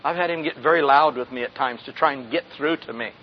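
A medium-pitched pastor in his sixties talks fast through a folksy sermon, often questioning the congregation and chuckling. The dull lo-fi recording has slight background noise.

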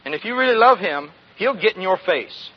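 With a high voice, lively intonation and a breathy edge, this pastor in his sixties speaks fairly quickly. His folksy sermon is peppered with questions to the congregation and chuckling, recorded in dull lo-fi.

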